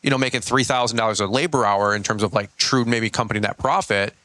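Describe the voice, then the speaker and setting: In a dry recording, a man with a lowish voice talks quickly. He owns a small business in Michigan and, as a podcast guest, spins animated, slang-filled stories.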